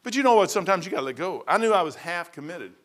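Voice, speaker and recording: Middle-aged man preaching, fairly high voice, chatty folksy delivery with big swings in pitch and loudness. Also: lively intonation, rapid-fire. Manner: casual slang, addresses listeners as man and brother. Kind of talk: sermon.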